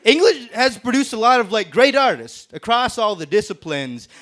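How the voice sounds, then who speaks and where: A man's voice: extremely high pitch, sing-song, normal speed, a bit bright. A man doing a brash, profane stand-up roast set on a comedy club stage, laughing at his own jokes. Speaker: stand-up comic in a roast battle.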